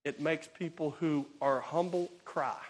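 A man preaching an expository sermon, animated and emphatic, swinging between loud bursts and quiet asides. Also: fairly high pitch, unhurried.

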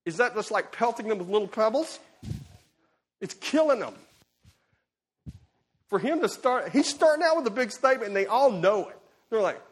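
A man preaching an expository sermon, animated and emphatic, swinging between loud bursts and quiet asides. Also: high voice, normal speed, pauses often.

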